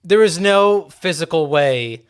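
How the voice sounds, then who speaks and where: A man's voice: on the high side, animated, slow, clean tone. A young man rambling and hesitating as he chats casually on a podcast. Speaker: podcast co-host. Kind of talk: casual chat.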